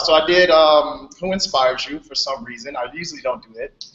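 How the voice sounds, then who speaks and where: A young man, a Playfair presenter, telling stories in a casual chat on a group video call, animated and laughing. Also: a little high, fast. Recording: echoey, dull video call audio.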